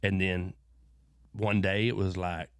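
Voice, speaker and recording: Slow and low-pitched, with little pitch movement and a clear, resonant tone, a middle-aged West Texan tells folksy, rambling stories in his West Texas accent. Interviewed as a guest, he repeats and restarts words and has preachy bursts. It's a clean studio recording with no echo.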